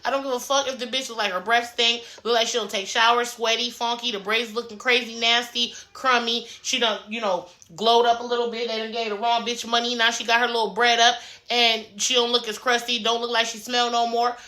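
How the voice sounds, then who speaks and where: A woman, casually recapping a reality show in a blunt, profane, animated way and acting out the cast members' lines. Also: on the high side, fairly quick, hardly any pauses, reverberant.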